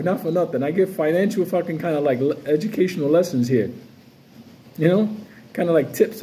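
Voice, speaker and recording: A man's voice: fairly high pitch, mellow, slight background noise. A man ranting casually to camera about crypto, profane and swaggering, jumping from story to story. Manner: profane, loose, swaggering, jumps between stories. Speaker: crypto vlogger. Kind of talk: casual unscripted rant to camera.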